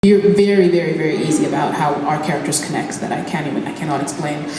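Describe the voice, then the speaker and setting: A woman's voice: low voice, fast talker, warm tone. Woman telling stories in an echoey hall. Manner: chatty, many fillers, laughs often. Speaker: actor on a fan convention panel. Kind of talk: casual anecdotal storytelling. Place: large indoor convention hall. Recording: echoey convention hall from far off, ambient noise.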